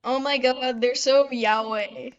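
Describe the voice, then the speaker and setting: A woman's voice: sits high, steady tone, takes it slowly, clean tone, muffled recording. A woman giving let's-play commentary, chatty and talking back to the game characters as she plays. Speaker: gamer.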